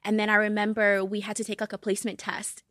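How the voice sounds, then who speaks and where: A young woman from Cape Verde, a native Portuguese speaker, chatting casually as a podcast guest in a studio, animated and swearing freely. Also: mid-range voice, fast talker, no room sound. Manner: animated, swearing, laughs often. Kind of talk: casual chat.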